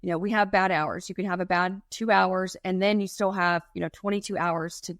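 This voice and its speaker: A woman's voice: fairly low pitch, fairly even intonation, a little fast, a bit bright, no echo, studio quality. A woman in her thirties co-hosting a podcast, talking in a casual, rambling way with many fillers. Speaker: podcast co-host.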